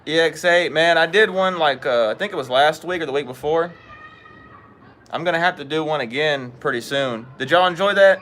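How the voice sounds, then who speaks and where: A man's voice: on the high side, moderate pace, a bit bright, a little hiss or hum. A man hosting a casual fishing live stream outdoors, chatting and greeting viewers by name. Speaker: fishing livestream host. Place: outdoors at home.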